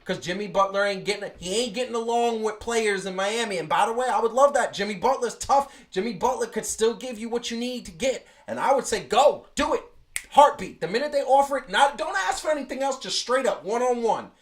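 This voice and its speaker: Animated co-host with a middle-range voice; rants with force and argues hard on a casual live sports stream. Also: medium pitch, fairly quick, few pauses. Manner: animated ranting, mocks people with put-on whiny quotes.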